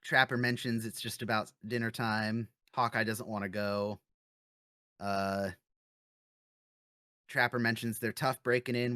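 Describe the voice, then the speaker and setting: A podcast host giving a lively, chatty episode recap, with frequent fillers and quick laughs. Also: mid-range voice, clean tone, no room sound, clean studio sound.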